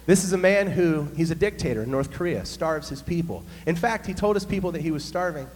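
A man, a pastor, telling a humorous story in an animated sermon. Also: a little high, a little fast. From United States. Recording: long hall reverb, faint hum.

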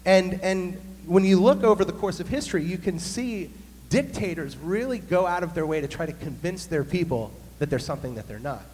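A man, a pastor, telling a humorous story in an animated sermon. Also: high voice, brisk. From United States. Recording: long hall reverb, faint hum.

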